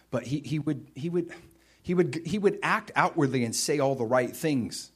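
A man delivering a sermon in an easy, conversational way, as if talking straight to the room. His voice sits at an ordinary middle pitch, climbing into loud, emphatic bursts before dropping back to a low, earnest tone. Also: normal speed, husky. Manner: animated, conversational preaching with rising emphatic bursts and quieter stretches. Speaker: pastor.

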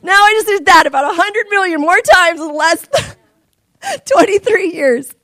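A woman in her forties preaching, telling personal stories in an animated way. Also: very high-pitched, moderate pace, no echo. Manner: animated storytelling, laughing and crying through stories. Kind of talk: sermon testimony.

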